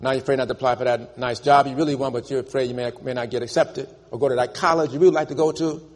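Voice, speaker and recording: A man's voice: mid-range voice, fairly even intonation, racing. A man preaching a sermon, emphatic and calling on the congregation to repeat after him, in a church. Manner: emphatic, calls for congregation responses. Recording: long church reverb.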